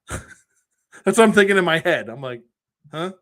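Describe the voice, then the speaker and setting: A man's voice: on the high side, lively intonation, a little slow, pauses often, fairly bright tone. A man hosting a collectors' show, telling a frustrating customer service story in a casual, exasperated way with acted quotes. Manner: exasperated, retells phone calls in acted quotes.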